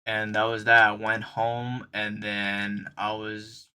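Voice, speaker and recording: Slangy young man with a bright voice. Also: lowish voice, monotone, slow, smooth. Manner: loose and slangy, talks straight to viewers. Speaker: streamer telling a story. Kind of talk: casual storytime.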